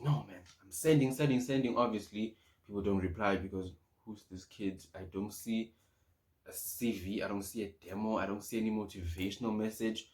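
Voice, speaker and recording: A young man from Swaziland, a YouTuber, telling a personal story to camera in a casual, animated way, acting out his past thoughts. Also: lowish voice.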